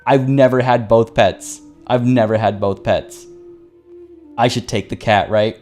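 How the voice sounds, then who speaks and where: A male streamer talks his way through a strategy game live, reading out events and riffing with chat in a loose, joking manner. His voice sits at an ordinary middle pitch, and he keeps doubling back and repeating words as he thinks aloud. Quiet music plays faintly underneath. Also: fairly even intonation, measured pace. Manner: playful and chatty, stammers and repeats words. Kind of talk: live-stream gameplay commentary.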